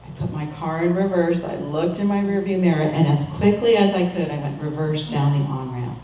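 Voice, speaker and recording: Calm woman preaching in an echoey room. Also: deep voice, far from the mic, slight background noise. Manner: calm, measured, reflective. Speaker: minister. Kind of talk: sermon.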